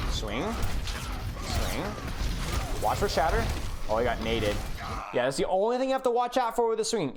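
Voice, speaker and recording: A man's voice: sits high, background noise. Guy coaching over a replay, blunt, kinda exasperated, voice jumps around a lot, faint clicking behind. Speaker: game coach reviewing a player's replay. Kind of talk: live-streamed replay review.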